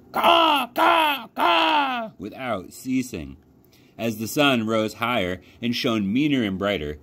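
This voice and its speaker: A man from a library youth program reading a children's novel aloud as expressive storytelling. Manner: expressive storytelling with lively pitch. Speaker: library youth services coordinator. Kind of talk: children's book read-aloud.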